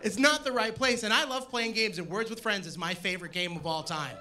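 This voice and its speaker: A man doing a stand-up comedy set on stage, animated and shouting his punchlines. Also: high-pitched, brisk. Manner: animated, loud punchlines to a laughing crowd. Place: comedy stage before a live audience. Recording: live show with loud crowd laughter.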